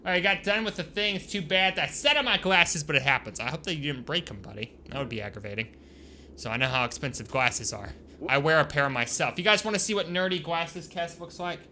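A man giving casual let's-play commentary as a gaming YouTuber, excitable and swinging from quiet mutters to loud bursts. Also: mid-range voice, a little fast, a little hiss or hum.

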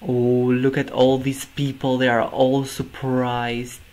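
A man's voice: mid-range voice, completely flat delivery, slow pace, noisy background. A man hosting a music reaction video, gushing over the performance and exclaiming over and over in amazement. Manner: effusive, keeps exclaiming "oh my god". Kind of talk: reaction commentary.

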